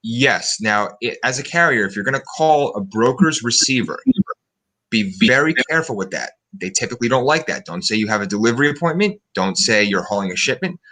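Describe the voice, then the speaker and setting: A man guest giving calm, measured advice in an interview. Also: medium pitch. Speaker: guest, broker instructor.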